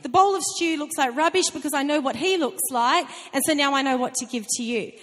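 A woman preaching a sermon in a conversational, animated way, with laughing asides. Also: sits high, brisk. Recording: long reverb of a hall.

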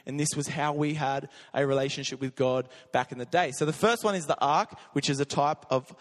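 A man preaching in a church, telling a lively story with frequent laughter. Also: a little high, a little fast. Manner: energetic storytelling, laughs often. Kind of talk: sermon. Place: church hall. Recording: long echo of a church hall.

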